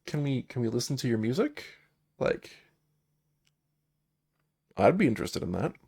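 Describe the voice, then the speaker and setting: A man's voice: medium pitch, sing-song, normal speed, darkish tone, husky. A man voicing a casual, easygoing male adventurer in his own everyday voice.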